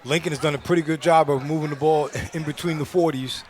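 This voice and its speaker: A man giving football color commentary, explaining plays in a measured way with frequent "you know" fillers. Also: fairly high pitch, fairly even intonation, crowd noise. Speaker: color analyst.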